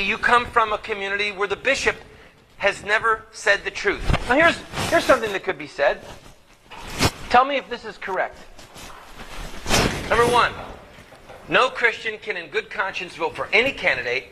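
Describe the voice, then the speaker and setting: A man delivers a fervent speech to a live audience, pressing them with one rhetorical question after another. His voice sits fairly high and carries a preaching drive. The recording is noisy, with a steady hiss and hum behind him. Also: normal speed. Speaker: activist speaker.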